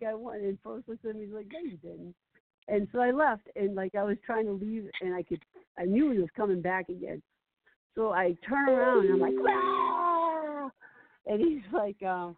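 A woman guest on a phone-in chat show, telling stories with lots of laughter and acted-out quotes. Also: mid-range voice. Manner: animated storyteller, laughs often, acts out quotes. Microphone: phone call. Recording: tinny phone line, dry.

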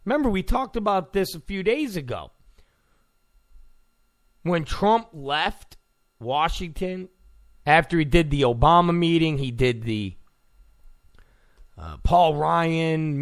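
A man's voice: fairly high pitch, lively intonation, slow pace, pauses often. A man ranting sarcastically as a political commentator, mocking and full of insults.

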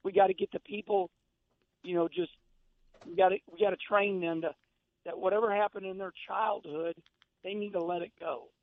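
A middle-aged man calls in to a radio show as a guest and talks in a worked-up, folksy way, doubling back on his words. His voice sits high and has a gravelly fry to it. The sound comes over a tinny phone line. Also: steady tone, moderate pace, no room sound. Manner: emphatic, repeats words and restarts, folksy. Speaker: guest, former race car driver. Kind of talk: casual radio chat.

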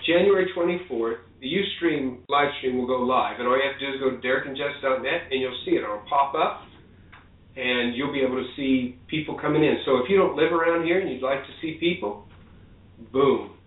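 A man's voice: mid-range voice, brisk. Rambling male co-host, tinny sound. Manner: rambling, restarting sentences. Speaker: show host. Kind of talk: casual radio chat. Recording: tinny phone-like line, echoey.

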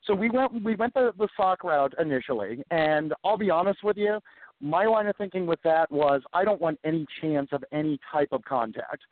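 Man, actor-director guest, candid, rambling with restarts, slightly high voice, phone-line sound. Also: normal speed, a little hiss or hum. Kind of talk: casual podcast chat.

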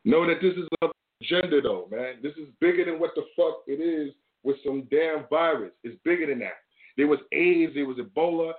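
A man's voice: on the high side, brisk. A man hosting his own show, ranting casually in loose slang with lots of swearing. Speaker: show host. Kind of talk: casual rant to camera. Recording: tinny phone-like audio.

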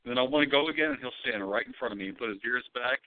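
A man co-hosting a podcast, telling stories in a loose, profane, animated way. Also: mid-range voice, rapid-fire. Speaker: podcast co-host. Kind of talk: casual chat. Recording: tinny phone-like audio.

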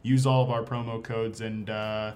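A man's voice: lowish voice, little pitch movement, normal speed, dull audio. A man hosting a podcast in casual chat, rambling and joking with lots of fillers. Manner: rambling, filler-heavy, jokey. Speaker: podcast host.

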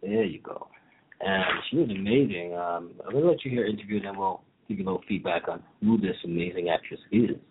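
A man's voice: low-pitched, fast, a little hiss or hum. A man hosting a radio show in casual chat, loose and teasing, with lots of fillers. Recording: tinny phone-line audio.

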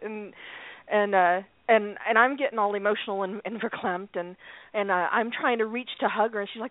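A woman with a medium-pitched voice talks a little fast while co-hosting a casual radio chat. She tells stories with frequent laughter and restarts, and the audio sounds tinny, like a phone.

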